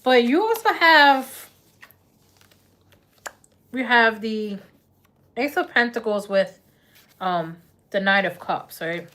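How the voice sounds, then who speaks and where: A woman's voice: fairly high pitch, expressive, slow, pauses often, pushed and bright. A woman doing a live tarot reading in a chatty, laughing, slangy way. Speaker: tarot reader.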